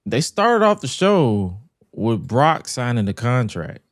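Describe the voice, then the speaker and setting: A man hosting a casual wrestling podcast, animated and slangy, often repeating words. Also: mid-range voice, slow pace, dry recording, studio quality. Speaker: podcast host.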